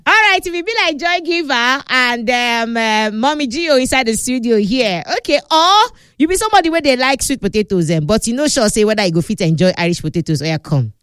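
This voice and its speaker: A woman with a Nigerian accent hosts a studio cooking show in pidgin, leading viewers through a recipe in a lively, chatty, teasing way and relishing sound words. Her fairly high voice is expressive, smooth, and a bit bright, coming a little fast with few pauses.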